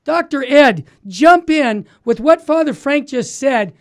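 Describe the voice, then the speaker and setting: A man hosting a talk radio show, emphatic and exhorting, with quick restarts. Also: extremely high pitch, expressive. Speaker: radio host.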